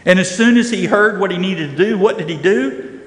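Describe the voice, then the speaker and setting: Middle-aged male Bible class teacher, animated, high-pitched, recorded in a reverberant church room. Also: brisk. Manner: animated, acts out quoted voices. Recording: echoey room with long reverb.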